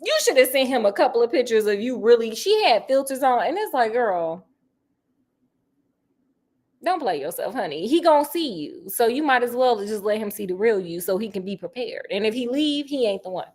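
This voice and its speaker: Casual cooking vlogger: woman, bit high-pitched, sassy running commentary. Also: very animated, normal speed, darkish tone. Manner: sassy, chatty, full of asides like honey and girl. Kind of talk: casual chat while cooking.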